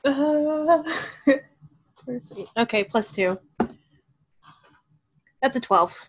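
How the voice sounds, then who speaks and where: A woman playing a tabletop game, chatty, giggly and animated. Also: high voice, takes it slowly. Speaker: player. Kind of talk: casual tabletop game play.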